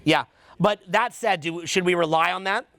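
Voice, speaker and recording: A man's voice: high voice, normal speed, fairly bright tone. A man with a Canadian accent teaching a seminar, quizzing the audience and repeating their answers back. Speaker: dating coach.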